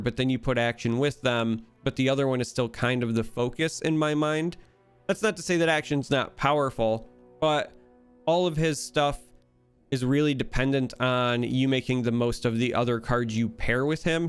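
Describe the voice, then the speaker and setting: Enthusiastic Midwestern American man, smooth voice. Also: medium pitch. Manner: enthusiastic, chatty, analytical. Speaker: card game content creator. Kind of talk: casual solo commentary.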